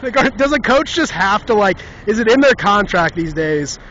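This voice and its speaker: High-voiced man ranting sarcastically. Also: lively intonation, moderate pace, fairly bright tone, muffled recording, slight background noise. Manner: exasperated, sarcastic, says "like" and "dude" often. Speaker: podcast host. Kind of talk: casual ranting monologue.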